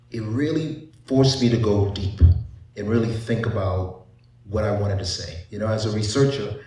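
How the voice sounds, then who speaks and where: Low-voiced man speaking at an echoey panel. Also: a little mellow, distant mic. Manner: conversational, asks rhetorical questions, frequent "you know". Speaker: psychiatrist panelist. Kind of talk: panel presentation to a live audience. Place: large echoey event room. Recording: echoey hall, voice off-mic.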